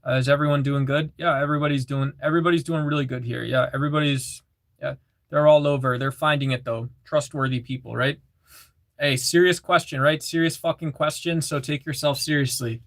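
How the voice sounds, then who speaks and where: A man's voice: fairly high pitch, fairly even intonation, fairly quick, no room sound. A man casually chatting on a livestream, reading chat messages aloud and repeating phrases, with lots of fillers.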